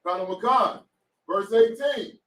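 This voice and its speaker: A man reading bible verses aloud for a class, slow and deliberate. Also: sits high, a bit bright. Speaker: student reading scripture aloud. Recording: distant voice in an echoey room.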